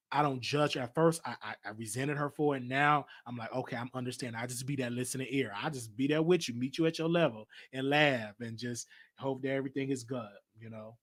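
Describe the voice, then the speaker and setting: A man's voice: mid-range voice, fairly bright tone. A man hosting his own live talk show, speaking candidly about family, with frequent restarts and a Southern US accent. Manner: candid personal venting, many restarts. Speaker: show host. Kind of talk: livestream talk show monologue.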